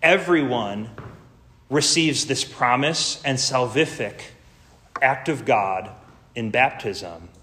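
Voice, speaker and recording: Slow, earnest male preacher. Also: medium pitch, bright, forceful tone. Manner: earnest, unhurried preaching with emphatic lists. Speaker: pastor. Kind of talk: sermon.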